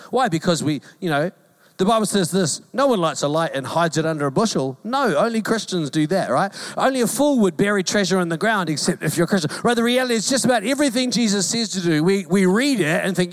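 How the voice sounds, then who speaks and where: A man with a New Zealand accent, a pastor preaching a sermon in a lively, joking way and mimicking calls in a high voice. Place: church hall.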